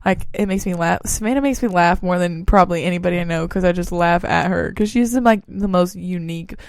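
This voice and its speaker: A woman's voice: on the low side, a little fast, gravelly, clear, resonant tone, no echo, clean studio sound. Giggly chatty young woman. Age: young adult. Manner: chatty, giggly, says "like" and "bro" a lot. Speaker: podcast guest. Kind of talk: casual chat.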